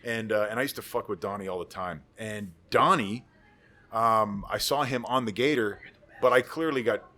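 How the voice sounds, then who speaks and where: His voice on the low side, pushed and bright, this forties-aged former pro lineman rambles through profane stories as a podcast guest. He speaks at normal speed, loud and boisterous in casual conversation.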